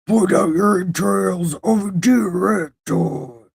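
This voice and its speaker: A woman voicing a boastful male king as a growling death-metal singer, drawn-out and shouted. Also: mid-range voice, vocal fry, slightly rough, voice pushed up, exaggerated voice.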